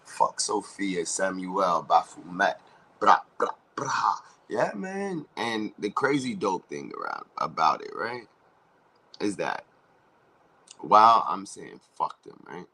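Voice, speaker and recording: A male vlogger with a low voice rants loudly in a freewheeling spiritual monologue, his delivery sing-song and slow. He rambles, swinging between shouts and hushed asides, profane and confrontational, over poor-quality audio.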